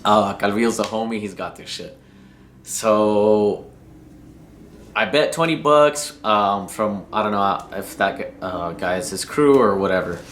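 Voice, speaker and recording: A man's voice: fairly low pitch, measured pace, a bit bright, a little hiss or hum. A man from New Mexico casually telling a story about drag racing, slangy and rambling and cursing freely. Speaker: racing vlogger.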